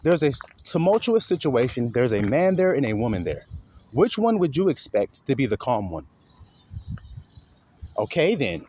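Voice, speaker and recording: A man's voice: normal speed, pauses often, highs cut off, slight background noise. A man preaching a sermon, calling out rhetorical questions to his listeners and acting out exaggerated voices. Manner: animated, swings pitch widely, acts out exaggerated voices.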